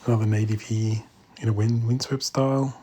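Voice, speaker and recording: A man giving a casual walk-through commentary in an indoor exhibition room, speaking in quiet, murmured remarks that often drop to a whisper. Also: on the low side, steady tone, a little fast, a little hiss or hum. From Australia. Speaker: bonsai channel host.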